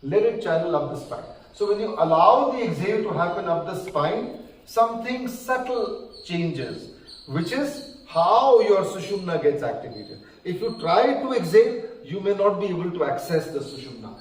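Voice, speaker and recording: A yoga instructor with a high voice leads a group through guided breathing at a live session in a large hall, calmly counting slowly and gently checking in, though he sounds slightly out of breath. The hall is very echoey, the mic is distant, and there's faint noise.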